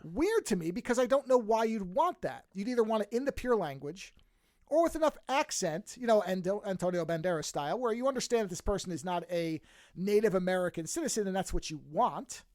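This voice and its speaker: A man's voice: high voice, animated, brisk, a little mellow, no room sound, clean studio sound. Rambling man with a faint New York accent. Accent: light New York. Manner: rambling, many restarts and asides. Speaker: podcast host. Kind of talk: casual podcast chat.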